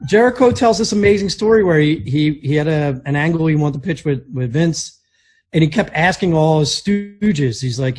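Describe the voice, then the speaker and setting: A man co-hosting a casual podcast chat, telling stories in a rambling, animated way with many restarts. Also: fairly high pitch, fairly quick, breathy edge. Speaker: podcast co-host.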